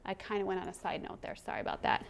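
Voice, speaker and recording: A woman giving a conversational presentation to educators, animated and chatty, sometimes acting out children's voices. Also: mid-range voice, racing, slight background noise. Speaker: presenter on child emotional development.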